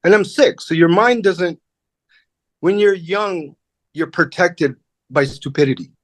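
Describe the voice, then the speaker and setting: A middle-aged man, a comedian guest, telling a personal story in a candid, animated way and acting out the voices of the people in it. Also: high voice, a little slow, no echo. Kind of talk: casual interview storytelling.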